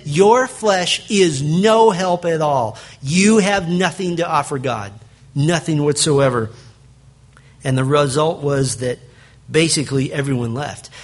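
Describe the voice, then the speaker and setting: A man's voice: mid-range voice, slightly rough. A man preaching a sermon, reading scripture and explaining it in an emphatic, conversational way. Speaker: pastor.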